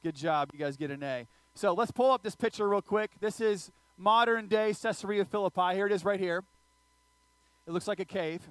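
High-voiced joking male preacher, dry sound. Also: normal speed, dry recording. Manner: animated, joking, audience asides. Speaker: pastor. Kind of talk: sermon with humorous storytelling.

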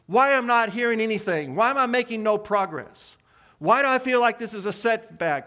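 A male pastor with a noticeably high voice delivers a sermon. He leans on rhetorical questions and builds his emphasis as he preaches. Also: bright, forceful tone.

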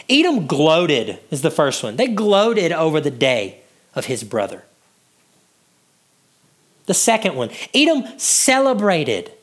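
A male preacher gives an expository sermon, teaching verse by verse and asking the congregation questions. His voice sits high, and he drops to a hush to draw listeners in.

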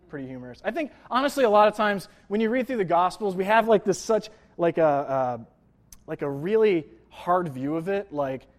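A young male pastor gives a relaxed sermon in a slightly high voice. He talks loosely and jokes, with plenty of "like" and "uh" as he goes. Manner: conversational, jokey, lots of fillers like "like" and "uh". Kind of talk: casual sermon.

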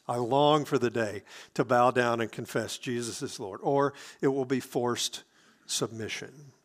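A man preaching a sermon, explaining scripture earnestly, often restarting his phrases. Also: medium pitch.

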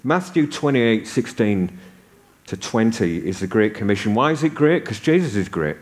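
A man in his sixties from northern England preaches a sermon, telling humorous stories in a conversational style. His voice is on the low side and animated, at a normal speed.

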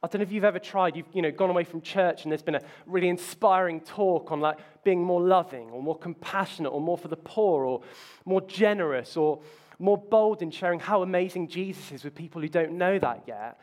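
A man's voice: high-pitched, a little fast, few pauses, a little mellow. A man preaching a sermon, telling self-mocking stories with playful asides. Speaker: pastor.

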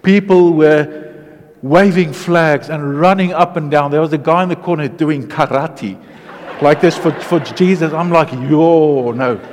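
A man delivers a testimony sermon with a fairly high voice. He tells his story in a lively way, dropping into hushed asides and then building to excited, loud bursts. The sound rings out with the long reverb of a large hall. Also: unhurried. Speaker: preacher.

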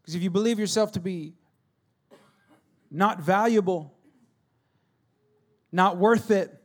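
Preaching a sermon, a middle-aged pastor tells humorous stories and swings between loud and hushed delivery. He has a high voice and takes things slowly.

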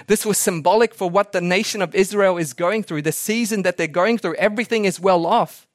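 A male pastor preaching a sermon for a podcast, weaving animated stories and laughing asides into his message. His voice sits high for a man. The sound is dry and close, with no room echo. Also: fairly quick. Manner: animated storytelling, chuckling asides. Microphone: podcast recording.

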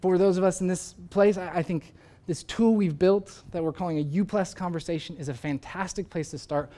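This sermon comes from a young pastor whose high, warm voice moves briskly with fairly even intonation. His delivery is conversational storytelling, sprinkled with offhand asides and the word "like" again and again.

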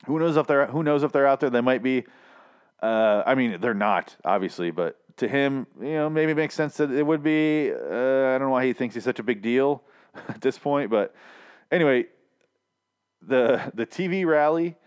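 A man's voice: mid-range voice, expressive, normal speed, clean tone. A man recapping a TV episode into his own microphone in a rambling, profane, sardonic way. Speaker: show recap host. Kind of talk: casual TV recap monologue.

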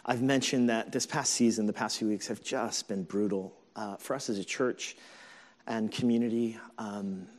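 A man's voice: fairly low pitch, fairly even intonation, moderate pace. A man in his forties, a pastor, preaching a sermon in a candid, conversational storytelling way with many fillers.

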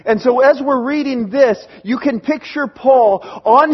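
A man preaching a sermon, earnest and pleading, slowing down and repeating phrases for emphasis. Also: very high-pitched, husky, highs cut off. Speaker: pastor.

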